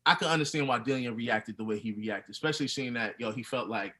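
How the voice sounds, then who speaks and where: A man with a bright, forceful voice talks loosely about boxing on a podcast. He uses plenty of slang and laughs easily, and his pitch sits in the middle. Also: fast, low-quality recording. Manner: laid-back, loose slang, laughs often. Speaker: podcast co-host. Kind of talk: casual chat reacting to a documentary.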